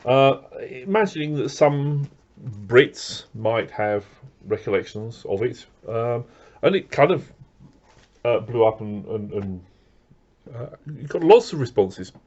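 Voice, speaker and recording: Middle-voiced man, unhurried unboxing chat full of ums and restarts; muffled lo-fi home recording. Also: medium pitch, expressive, a little mellow. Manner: rambling, with many fillers and restarts. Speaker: record collector vlogger.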